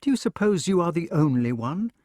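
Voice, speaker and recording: A man reading an audiobook, voicing a proud, quick-tempered queen in a raised, scolding voice. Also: on the high side, very animated, dry recording, studio quality, pitched above the performer's own voice. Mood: pleading. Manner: sharp, scolding, teasing.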